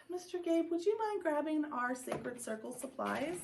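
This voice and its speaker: A woman's voice: sits high, sing-song, normal speed, gravelly, a little hiss or hum. A woman teaching a children's Sunday school class, leading chants and group breathing with upbeat energy.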